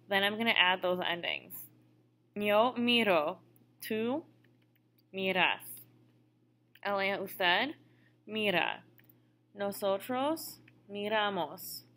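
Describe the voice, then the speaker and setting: A woman's voice: mid-range voice, slow, long pauses, pushed and bright. A woman teaching a recorded language lesson who explains each step patiently. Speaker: Spanish teacher.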